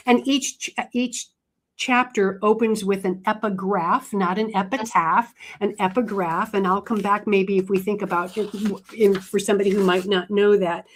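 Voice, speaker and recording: A woman author talking about her writing as a radio guest. She talks in a chatty way, often restarting her sentences. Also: mid-range voice. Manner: chatty, frequent restarts and fillers. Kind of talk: casual interview talk.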